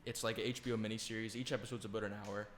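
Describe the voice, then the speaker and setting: Laid-back young man, lowish voice, echoey room. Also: rapid-fire, slight background noise. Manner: relaxed, rambling, lots of fillers. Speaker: podcast co-host. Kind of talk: casual chat.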